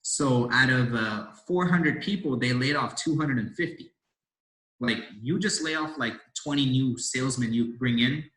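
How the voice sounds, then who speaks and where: A man's voice: mid-range voice, moderate pace, a bit bright. A young man in his twenties from India, a podcast guest telling his story in a rambling, casual way with lots of fillers and restarts. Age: 20s. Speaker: podcast guest, door-to-door salesman. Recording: roomy echo.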